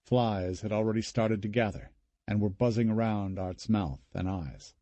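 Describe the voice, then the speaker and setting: An audiobook narrator with a low, dark, husky male voice reads scripted narration. His storytelling is measured and even, and the recording is dry.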